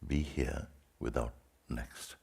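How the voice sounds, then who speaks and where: A man as a spiritual teacher leading a guided meditation in slow, sparse phrases with long pauses. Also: very deep voice, fairly even intonation, vocal fry, a little mellow, breathy edge.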